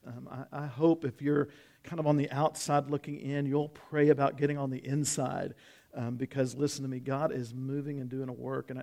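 A man's voice: fairly high pitch, darkish tone. A man in his fifties, a pastor, preaching in a folksy, conversational way with frequent restarts. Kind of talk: sermon.

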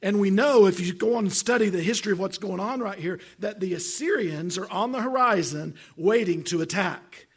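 A man's voice: high-pitched, brisk, few pauses, husky. A man preaching a sermon, stammering through restarts and putting questions to the congregation. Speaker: pastor. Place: church sanctuary.

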